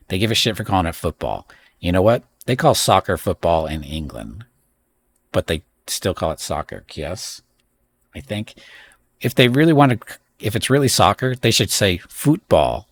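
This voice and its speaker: Gravelly deep-voiced streamer. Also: male voice, a little hiss or hum. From United States. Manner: rambling, opinionated, quick asides to chat. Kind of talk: casual live-stream commentary.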